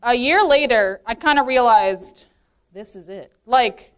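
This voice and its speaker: Speaking to a women's meeting, this twenty-something youth leader has a fairly high, somewhat bright voice with lively intonation and a measured pace. Her testimony is casual yet sincere, full of "like" and frequent laughter.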